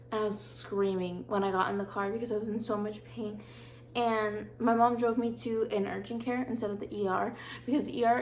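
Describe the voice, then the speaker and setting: Young woman in her twenties, vlogger, fairly high voice, chatty, filler-packed, dramatic storytelling. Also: darkish tone, slight background noise. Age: 20s. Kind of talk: casual storytelling.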